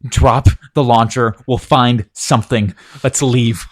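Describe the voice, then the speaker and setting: A man's voice: mid-range voice, fairly even intonation. Casual man playing a tabletop game. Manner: casual, quick reactions. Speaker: player.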